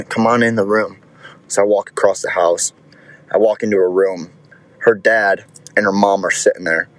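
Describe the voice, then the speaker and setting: A man's voice: fairly low pitch, rough recording. A young man telling a personal story in a crude, rambling way, swearing often and restarting his sentences. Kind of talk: casual storytelling.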